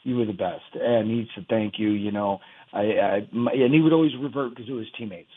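A man calling in to a radio show, telling a story in a rambling, halting way over a phone line. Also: on the low side, slight background noise. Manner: rambling, halting, many restarts. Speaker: caller.

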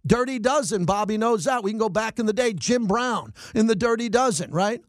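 A middle-aged man hosting sports talk radio, ranting in animated bursts and mocking his critics. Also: sits high, dry recording, clean studio sound. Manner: animated, rants and mocks in quick bursts. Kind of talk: fired-up sports talk monologue.

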